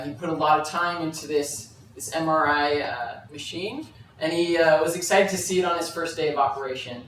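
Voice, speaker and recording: A man's voice: a little high, a bit bright, slight background noise. Man giving a talk in an echoey hall. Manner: storytelling, frequent fillers and restarts. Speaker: conference speaker. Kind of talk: live presentation. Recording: very echoey hall, mic at a distance.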